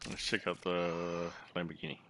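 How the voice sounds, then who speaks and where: Give me a deep-voiced New man in casual gameplay chat. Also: normal speed. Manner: relaxed chatty talk with sudden excited outbursts and swearing. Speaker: gaming channel host. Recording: loud game engine noise behind.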